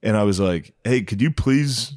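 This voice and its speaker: A man's voice: lowish voice, expressive, moderate pace, darkish tone, no echo, clean studio sound. A man co-hosting a podcast, telling a crude bar story in casual chat, laughing as he acts out what people said. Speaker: podcast co-host.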